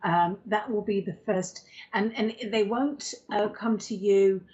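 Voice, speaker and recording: A woman chats through a spiritual reading, calling listeners darling and lovey. Her pitch sits in an ordinary middle range. The sound is muffled and lo-fi, as on a livestream. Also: steady tone, measured pace. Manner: warm-worded, chatty, calls viewers darling and lovey. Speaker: psychic medium co-host. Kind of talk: live spiritual reading and chat. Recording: dull lo-fi livestream audio.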